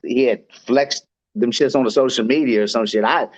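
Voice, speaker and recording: A man's voice: mid-range voice, normal speed. A man in casual chat, blunt and laid-back. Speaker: podcast co-host. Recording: dull lo-fi recording.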